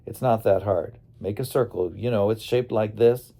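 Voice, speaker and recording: A man's voice: fairly low pitch, normal speed, vocal fry, warm tone. A man voicing a cheerful male tour leader who gives instructions in a joking, teacherly way. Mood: instructing.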